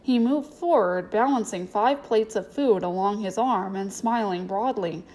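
A woman narrating a storybook in a steady, clear way. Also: medium pitch, unhurried, low-quality recording. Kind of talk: storybook reading.

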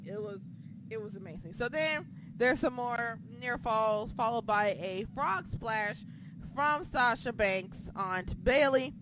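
A woman hosting a podcast, recapping in casual chat, excitable and profane, swinging between shouting and muttering. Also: on the high side, unhurried, noisy background. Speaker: podcast host.

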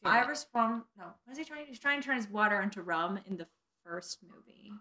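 A woman's voice: mid-range voice, animated, fairly quick, pushed and bright. A woman co-hosting a casual podcast, gushing and giggly, reading fan fiction aloud and stumbling over lines.

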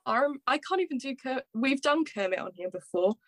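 A woman's voice: sits high, lively intonation, brisk, dry recording. A young woman co-hosting a podcast, reading quotes aloud with giggles and stumbles in casual chat.

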